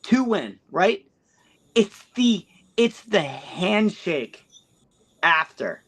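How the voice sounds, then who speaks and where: A man co-hosting a casual wrestling talk show, rambling and halting and swearing often. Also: sits high, sing-song, fairly bright tone, breathy edge. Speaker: co-host. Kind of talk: casual podcast banter.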